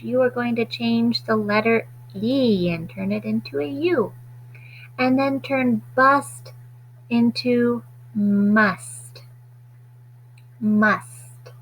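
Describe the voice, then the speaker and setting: A woman teaching a phonics lesson to children, stretching out sounds slowly and deliberately. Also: fairly high pitch, slight background noise, poor audio.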